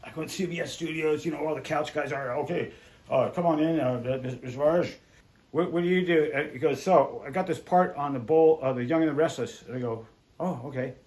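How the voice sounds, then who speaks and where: A middle-aged man and former windsurfer telling stories casually in an interview, animated and acting out quoted voices. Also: a little high, fairly quick. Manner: animated, swearing, acts out quotes.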